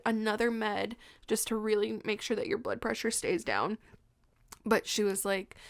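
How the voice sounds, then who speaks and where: A woman's voice: a little high, vocal fry. A young woman telling her birth story on a podcast, often laughing through tears and saying "like". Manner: tearful, laughing through tears, fills talk with "like". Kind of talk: emotional personal storytelling.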